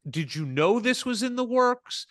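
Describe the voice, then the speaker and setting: A man's voice: extremely high pitch, very animated, unhurried, fairly bright tone, no echo, studio quality. A man co-hosting an interview, asking long, enthusiastic, rambling questions. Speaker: podcast co-host. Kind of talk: casual interview chat.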